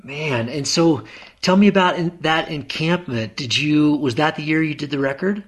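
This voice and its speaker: A man's voice: a little high, moderate pace. A man hosting an interview, reacting with short exclamations and asking questions. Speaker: host, interviewer.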